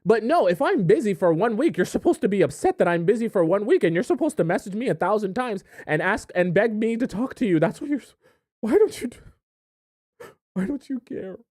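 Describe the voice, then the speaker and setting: A man's voice: sits high, expressive, a little fast, darkish tone, dry recording, voice pushed up. A needy young man whines and pleads for attention, as a man puts him on. His voice climbs well above normal and sounds strained and insistent. It is recorded close and dry. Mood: whiny. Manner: pleading, whining.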